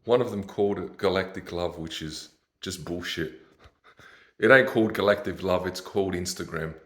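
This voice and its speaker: A man's voice: sits low, normal speed, echoey room. A man hosting his own podcast, ranting in a casual, exasperated, mocking way and laughing at his own stories. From Australia. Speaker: podcast host.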